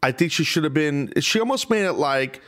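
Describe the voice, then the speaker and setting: A man's voice: a little high, expressive, brisk, fairly bright tone. A man hosting a podcast, giving casual, opinionated commentary that rambles and drifts off on tangents. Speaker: podcast host.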